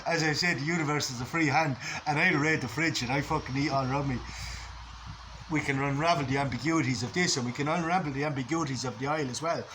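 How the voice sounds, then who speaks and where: A man's voice: a little high, fast, background noise. Blunt, swearing Irish man. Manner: blunt, profane, rambling. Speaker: vlogger. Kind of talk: casual philosophical monologue.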